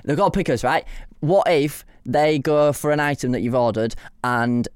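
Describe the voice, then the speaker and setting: A man's voice: fairly high pitch, moderate pace, clean tone, dry recording, clean studio sound. A man co-hosting a podcast, telling stories in a casual chat and laughing often. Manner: animated storytelling, laughs often. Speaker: podcast co-host.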